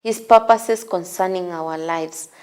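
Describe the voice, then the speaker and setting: A woman hosting a morning devotional, preaching slowly with repeated, encouraging exhortations. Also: fairly low pitch, a little mellow, smooth. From Kenya. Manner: slow, repetitive, encouraging exhortation. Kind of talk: sermon.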